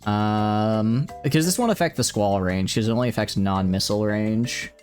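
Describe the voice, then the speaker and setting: A man streaming a game live, thinking aloud excitably and chatting with viewers, with hiccups. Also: on the low side, moderate pace, soft background music. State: has hiccups. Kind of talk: live gameplay commentary.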